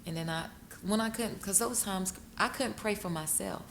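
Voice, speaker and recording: A woman, a guest telling her story in an interview, emotional and quick to break into laughing retellings. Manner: emotional, bursts into laughing high-pitched retellings. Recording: echoey room with noticeable noise.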